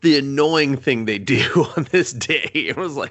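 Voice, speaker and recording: A man's voice: medium pitch, unhurried, few pauses, a bit bright. A man co-hosting a casual movie review, sarcastic and swearing often as he acts out the characters. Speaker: podcast co-host.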